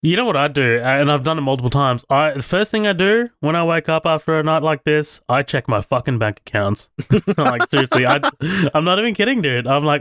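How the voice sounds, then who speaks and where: A man's voice: fairly high pitch, expressive, fairly quick, fairly bright tone, no room sound, clean studio sound. A man co-hosting a podcast, chatting casually about a movie, swearing freely and laughing often. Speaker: podcast co-host.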